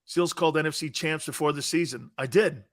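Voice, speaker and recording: Animated American man, bright live sports talk. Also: fairly high pitch, a little fast. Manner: animated, loud bursts, laughs a lot. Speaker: sports talk show host reading live chat.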